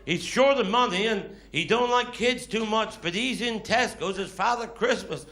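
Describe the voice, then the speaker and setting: A man's voice: high voice, normal speed, pushed and bright. A Cornish man performing live stand-up comedy, telling dialect stories with grumbling quoted voices. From Cornwall. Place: live stage before an audience. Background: audience laughter.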